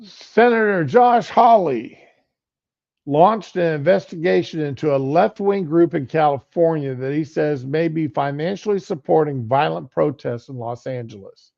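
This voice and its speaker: A man's voice: on the high side, a little slow, creaky, darkish tone. A middle-aged man giving casual political commentary on a livestream, rambling and conversational. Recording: lo-fi stream audio.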